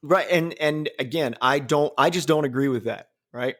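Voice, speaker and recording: A man's voice: fairly high pitch, moderate pace, fairly bright tone. A man hosting a casual podcast, rambling and swearing, often laughing at his own jokes. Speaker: podcast host.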